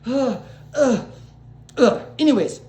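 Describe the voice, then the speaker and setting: A woman's voice: fairly high pitch, animated, slow, mellow. A woman vlogger ranting to camera in a rambling, agitated way, restarting sentences, swearing and apologizing to her viewers. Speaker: small-channel vlogger. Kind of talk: unscripted rant to camera. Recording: roomy echo.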